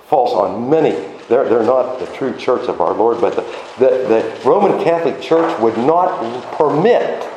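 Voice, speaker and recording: A man preaching a sermon with animated emphasis, his voice swinging between high exclamations and low asides. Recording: very echoey room with faint noise.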